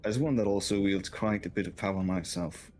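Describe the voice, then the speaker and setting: A man voicing a proud male army commander who speaks slowly and formally. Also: low-pitched, a little mellow, voice pushed down, lightly acted. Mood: solemn. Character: gruff male army leader, solemn and proud.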